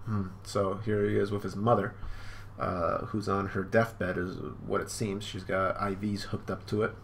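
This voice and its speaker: Low-voiced man rambling through a reaction. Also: flat delivery, normal speed, creaky, a little hiss or hum. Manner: casual, rambling, with fillers. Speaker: streamer reacting to a manga. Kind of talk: live reaction, reading aloud. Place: home.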